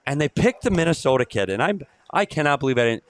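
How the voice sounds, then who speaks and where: Excitable male co-host, quick delivery with a lively pitch, dry close recording. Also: no room sound. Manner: excitable, calls people buddy. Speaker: sports podcast co-host. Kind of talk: casual live draft chat.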